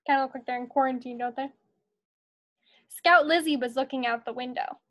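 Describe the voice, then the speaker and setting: A woman's voice: high-pitched, fairly even intonation, fairly quick. A woman teacher reading a picture book aloud to her students in an encouraging, storytelling manner.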